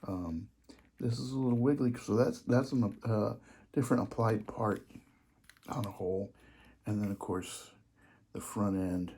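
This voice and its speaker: A man showing off his model trains in a casual vlog, gushing with excitement and dropping into hushed asides. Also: lowish voice.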